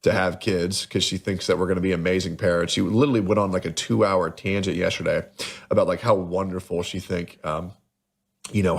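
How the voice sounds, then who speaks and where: A low-voiced young man talks on his live stream, often breaking up into higher, strained tones. He stammers and restarts, halting and emotional throughout. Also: gravelly.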